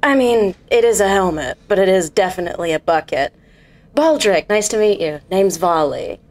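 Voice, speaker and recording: A woman's voice: medium pitch, expressive, moderate pace, darkish tone, close to an everyday voice. A woman voicing a brash, hard-drinking female sylph sky pirate who teases everyone. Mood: boozy swagger. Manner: sassy and teasing.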